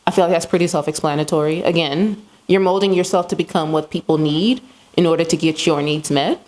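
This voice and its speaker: A woman's voice: sits low, steady tone, a little fast, darkish tone. A woman hosting a casual self-help talk, conversational and loose, with many asides and fillers. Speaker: host.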